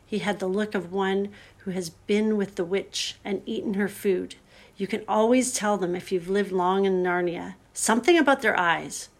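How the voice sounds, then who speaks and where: A woman narrating a children's storybook in a measured, even reading. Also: medium pitch, gravelly. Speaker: audiobook narrator.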